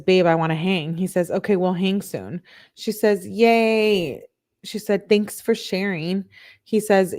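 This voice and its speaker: Reading texts aloud on her live stream, a woman who runs a true crime channel keeps the quotations flat and breaks away to talk to chat. She speaks on the lower side.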